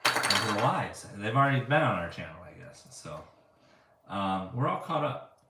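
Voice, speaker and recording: On a family live stream, a man co-hosts in an easygoing, teasing way, reading viewer comments aloud in casual chat. His low-leaning voice is bright and forceful with big pitch swings at a moderate pace, captured in an echoey room by a distant mic with faint hiss.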